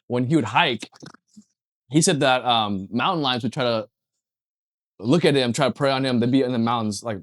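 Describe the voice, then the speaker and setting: A young man co-hosting a podcast, explaining an absurd story in a deadpan, mock-serious way. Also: mid-range voice, moderate pace, pauses often, no room sound, clean studio sound. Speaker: podcast co-host. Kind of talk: casual comedic chat.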